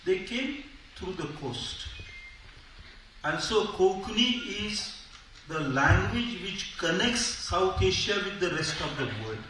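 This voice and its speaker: A man's voice: sits high, expressive, slow, pushed and bright. A man giving a convention speech, discursive and full of hesitant fillers, with wry humor. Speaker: convention speaker. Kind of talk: public speech. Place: large convention hall. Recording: echoey hall, far from mic, faint noise.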